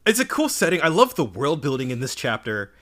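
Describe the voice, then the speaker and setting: A man co-hosting a podcast, enthusiastic and a bit halting as he chats about a manga. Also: a little high, wildly swooping pitch, fairly bright tone. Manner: enthusiastic, halting, many restarts and laughs. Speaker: podcast co-host. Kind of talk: casual chat discussing a manga.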